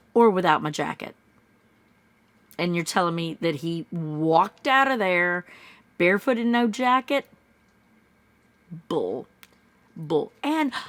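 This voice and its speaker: A woman in her thirties giving casual true-crime commentary, skeptical and musing, breaking into high mocking voices when she quotes people. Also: fairly bright tone, dry recording.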